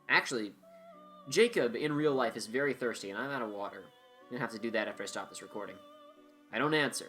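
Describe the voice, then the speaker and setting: A man giving let's-play commentary, reading game dialogue aloud and breaking off into joking, sarcastic rambles. His pitch sits in an ordinary middle range. Faint game music plays behind him. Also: lively intonation, fast talker, fairly bright tone. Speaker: gameplay commentator.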